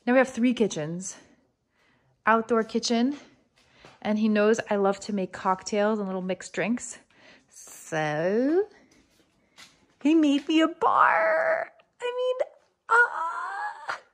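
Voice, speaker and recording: Excited chatty woman touring a farmhouse. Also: medium pitch. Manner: excited, fast-talking, chatty. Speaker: vlogger showing a renovated farmhouse. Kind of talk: casual walk-through vlog. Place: in a farmhouse being renovated.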